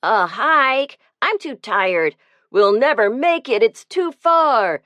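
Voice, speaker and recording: A woman voicing a group of rowdy young Cub Scout boys who groan and chant loudly in a high voice. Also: expressive, slow pace, dry recording. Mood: whiny.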